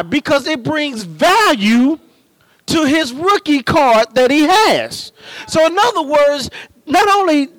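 Male preacher, very high voice, slow deliberate delivery, dry close sound, impassioned sermon. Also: no echo, low-quality recording. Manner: impassioned, rising to shouts and drawn-out emphasis.

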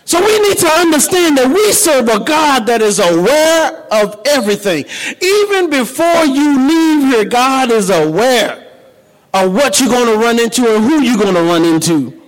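A man preaching a sermon, turning his talk to the congregation and building up to shouting. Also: very high-pitched, big pitch swings, normal speed, big-room sound, poor audio.

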